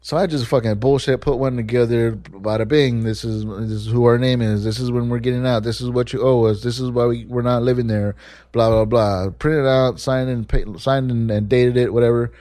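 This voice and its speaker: A man's voice: mid-range voice, fairly even intonation, fairly quick, warm tone, no echo. A man telling a rambling, profane story in a casual chat, speaking into a podcast microphone.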